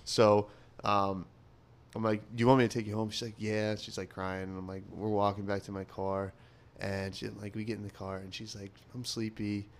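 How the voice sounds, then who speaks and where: A man's voice: fairly low pitch, level tone, moderate pace. A young man co-hosting a podcast, telling stories casually with lots of fillers. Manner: rambling storyteller, lots of fillers and "like". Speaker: podcast co-host.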